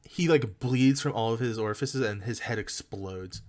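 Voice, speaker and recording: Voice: medium pitch, moderate pace, a little mellow. A game master running a tabletop game, narrating loosely with many fillers.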